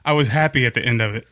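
A man's voice: mid-range voice, fairly bright tone, no room sound. A man hosting a casual podcast chat, joking and laughing easily. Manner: jokey, laughs often. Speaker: podcast host.

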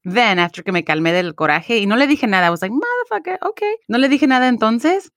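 A woman's voice: medium pitch, expressive, fast talker, a bit bright, no room sound, studio quality. A young adult woman co-hosting a podcast, telling a candid personal story with Spanish phrases and some swearing. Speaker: podcast co-host. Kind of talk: casual chat.

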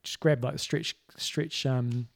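A man co-hosting a podcast in casual chat, relaxed and explaining things plainly. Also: mid-range voice, measured pace, vocal fry, dry recording, studio quality. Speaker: podcast co-host.

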